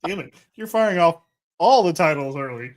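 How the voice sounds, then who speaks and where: A man co-hosting a podcast, dropping quick wry quips and laughing along in casual chat. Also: fairly high pitch, animated, no room sound, clean studio sound. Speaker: podcast co-host.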